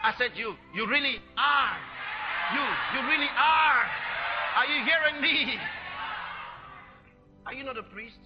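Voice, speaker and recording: A man preaching a sermon, exhorting loudly with repeated declarations. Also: very high-pitched, measured pace, pauses often. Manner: shouting, exhorting, repetitive declarations. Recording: dull lo-fi sermon recording with music.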